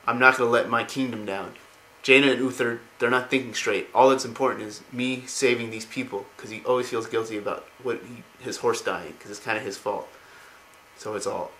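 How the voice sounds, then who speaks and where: Guy rambling thru game lore, bright voice, faint hiss. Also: mid-range voice, steady tone, a little fast, rough recording. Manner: rambling, many fillers and restarts. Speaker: lore video narrator. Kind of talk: casual lore retelling.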